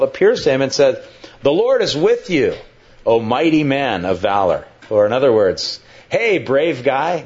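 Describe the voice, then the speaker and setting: A male pastor working through a sermon passage, chatting more than declaiming and jumping up in pitch to act out the quotes. His voice sits in a middle register, and the recording has a slightly dull, lo-fi sound. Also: darkish tone. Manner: conversational, dramatizes quotes with sudden pitch jumps. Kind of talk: expository sermon.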